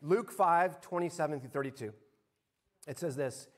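A man's voice: fairly high pitch, normal speed. A man pastor giving a conversational sermon to his congregation, telling a personal story and asking them questions. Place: church sanctuary.

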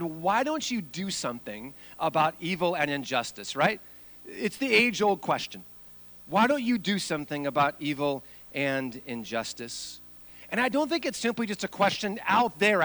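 A middle-aged male pastor preaching a sermon, animated and humorous, with frequent rhetorical call-outs to the congregation. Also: high-pitched, poor audio.

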